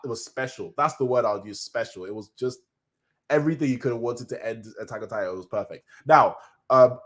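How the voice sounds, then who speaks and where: In a laid-back live-stream review, a man rambles in slangy, excitable fashion, restarting often and now and then letting out high cries when he gets moved.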